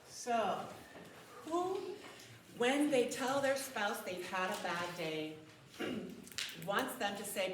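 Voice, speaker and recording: Medium in pitch, this woman speaks slowly and pauses often, with a little hiss or hum in the recording. She's a conference speaker at a parenting event in a church hall, conversational and given to acting out example phrases and laughing, captured by a distant mic in an echoey room.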